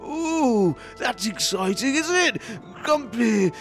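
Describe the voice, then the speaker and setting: An actor playing a faded, lonely old ex-TV performer, rambling wistfully in a comedy interview. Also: male voice, very high-pitched, lively intonation, takes it slowly, faint music behind, full character voice. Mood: doddering, wistful. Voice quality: doddering, wistful.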